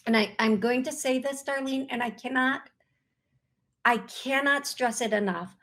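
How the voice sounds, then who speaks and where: A woman's voice: sits high, normal speed, a bit bright. A woman hosting a call-in psychic radio show, talking in a searching, earnest, often apologetic way. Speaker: psychic medium radio host.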